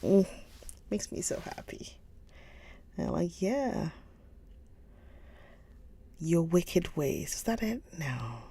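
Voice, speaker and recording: A woman hosting a live stream, chatting casually with viewers, gushing over books and often slipping into a soft whisper. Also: fairly low pitch, big pitch swings, takes it slowly, pauses often, breathy edge. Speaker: livestream book reader host. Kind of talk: casual livestream chat.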